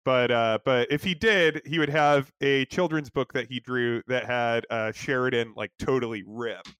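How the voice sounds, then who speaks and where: Smooth-voiced man rambling through a recap. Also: mid-range voice, steady tone, normal speed, a bit bright, no echo. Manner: rambling, many fillers and restarts, swears casually. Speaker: podcast co-host. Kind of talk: casual podcast chat, scene-by-scene recap.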